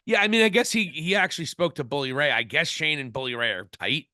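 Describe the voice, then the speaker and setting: A man's voice: a little high, animated, fast, bright, forceful tone, no echo, clean studio sound. A man co-hosting a wrestling podcast, talking casually in an opinionated, rambling way with many restarts. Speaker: podcast co-host.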